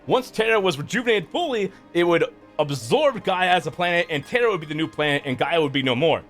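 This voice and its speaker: Male streamer, fairly high voice, swears a lot while rambling through a recap, soft music underneath. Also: lively intonation, fairly quick. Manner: loose, profane and rambling, with many fillers. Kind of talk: casual recap of a game's story.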